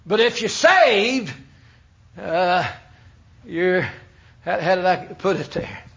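A man from the United States, preaching an emphatic sermon that swings between loud and hushed. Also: high-pitched, lively intonation, takes it slowly, creaky. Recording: dull lo-fi sermon recording.

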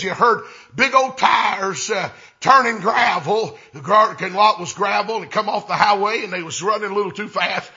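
A man preaching a storytelling sermon, folksy and drawn out, building up to shouted exclamations. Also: high-pitched, highs cut off.

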